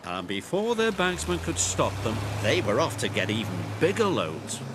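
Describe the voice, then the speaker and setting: A man narrating a children's storybook in a gentle, expressive telling. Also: mid-range voice, moderate pace, background noise. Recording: narration with music underneath.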